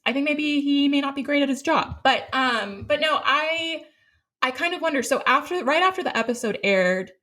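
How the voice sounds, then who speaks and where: A woman co-hosting a pop culture podcast, recapping a reality show in a lively casual chat. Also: high voice, moderate pace. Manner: animated recapping, acts out quoted people. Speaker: podcast co-host.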